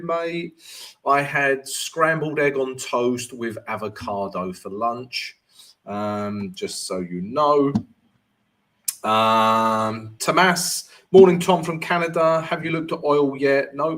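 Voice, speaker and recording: A man's voice: medium pitch, fairly bright tone. A man hosting a live-stream Q&A as a forex trading coach, chatty and jokey, constantly checking in with "right?".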